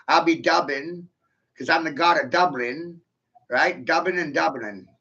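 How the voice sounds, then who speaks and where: Man, provocative rant, profane, tense bright voice, dull lo-fi recording. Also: fairly high pitch, slow. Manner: provocative, laughing often, swearing. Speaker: vlogger. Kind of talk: rambling profane monologue.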